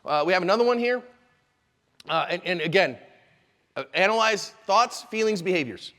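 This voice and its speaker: A man teaching a live seminar, energetic and conversational, with quick asides to the audience. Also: high-pitched, in a large hall. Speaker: self-defense instructor. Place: convention hall seminar room.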